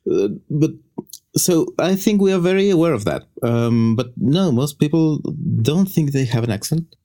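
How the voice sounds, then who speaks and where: A man from Chile with a Chilean Spanish accent, a native Spanish speaker, explaining in casual podcast chat with lively jumps in pitch. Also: normal speed, gravelly.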